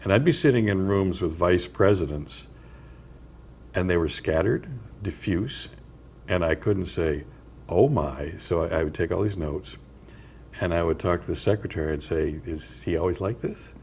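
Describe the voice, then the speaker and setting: An older man with a very deep, low-pitched voice tells his workplace stories at an easy pace, breaking off now and then to chuckle dryly. He speaks as a guest in a community TV studio, with faint noise in the background. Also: a little mellow. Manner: unhurried anecdotal storytelling, with dry chuckles. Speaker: author and guest. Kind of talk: storytelling interview.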